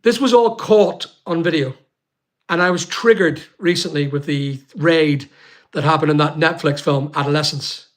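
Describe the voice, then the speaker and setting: A man speaks on a livestream in a voice pitched a little above the usual male range. He talks emphatically and comes back to the same phrases. He stops often and fills the gaps with hesitations. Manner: emphatic and repetitive, with frequent pauses and fillers. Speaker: YouTuber on a livestream. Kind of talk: emotional personal account.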